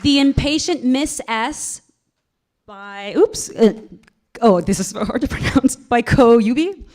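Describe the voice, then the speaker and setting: A woman's voice: a little high, lively intonation, slow, a little mellow, some chatter behind. A woman giving a keynote on stage and presenting an award, laughing and stumbling over names. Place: stage at a live event.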